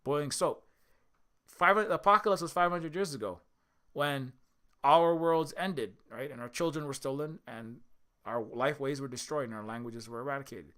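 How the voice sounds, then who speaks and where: A man's voice: mid-range voice, normal speed, pushed and bright. A man, an indie game developer and streamer, giving a casual monologue in an impassioned, profane way with many restarts.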